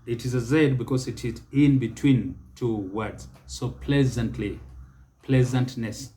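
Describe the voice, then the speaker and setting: A man with a Kenyan accent teaching English pronunciation, speaking deliberately and repeating each word for emphasis. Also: mid-range voice, fairly even intonation, dark tone, slight background noise.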